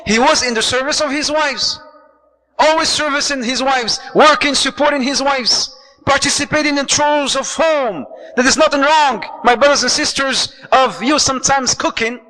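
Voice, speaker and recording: A man giving a lively marriage lecture to an audience, acting out little dialogues and mixing in Arabic phrases. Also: extremely high pitch, normal speed, long reverb tail, poor audio. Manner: animated, acts out dialogue, mixes Arabic phrases, joking. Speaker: Islamic speaker.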